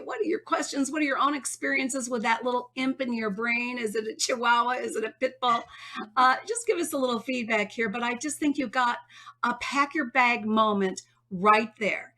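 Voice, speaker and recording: A woman's voice: a little high, normal speed, bright, forceful tone. A woman hosting an interview show, affirming her guest and laughing often. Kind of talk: casual interview talk.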